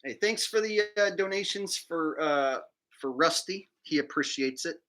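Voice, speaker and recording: A man's voice: fairly high pitch, lively intonation, unhurried, a bit bright. A man hosting a livestream, chatting casually, rambling and mocking, laughing at his own jokes. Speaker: livestream host.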